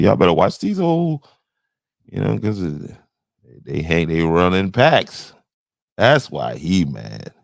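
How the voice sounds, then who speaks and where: A man's voice: sits low, very animated, a little slow, creaky, no echo, clean studio sound. A man hosting a podcast in casual commentary, taunting and mocking a viewer with repeated jabs. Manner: taunting, trash-talking a viewer. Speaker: podcast host.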